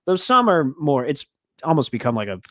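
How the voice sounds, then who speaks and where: A man's voice: on the high side, big pitch swings, fairly quick, a bit bright, dry recording. Male podcast co-host, earnest, trails off, dry close sound. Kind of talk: casual sports podcast chat.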